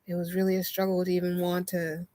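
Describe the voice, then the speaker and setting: A young woman casually chatting on a live stream from inside her motorhome, animated and laughing often. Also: on the low side, quick pace. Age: young adult. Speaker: vlogger and oracle card reader.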